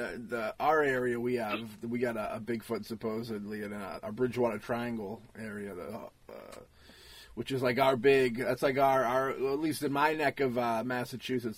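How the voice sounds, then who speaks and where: A man hosting a casual podcast, asking questions in a halting, restarting way. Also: medium pitch, no room sound. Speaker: podcast host. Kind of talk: casual chat.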